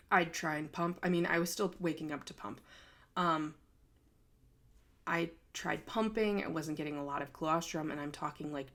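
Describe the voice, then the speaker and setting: A woman's voice: low voice, fairly bright tone. A young woman hosting a podcast, telling a personal story in a candid, emotional way, with many fillers. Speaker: podcast host.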